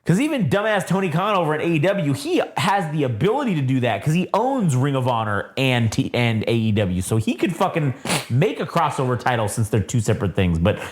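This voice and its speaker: A man's voice: mid-range voice, very animated, brisk, few pauses. A man co-hosting a wrestling review podcast, with a voice that swoops up and down as he rants. He swears constantly and talks emphatically in casual chat. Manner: profane, ranting, emphatic. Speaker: podcast co-host.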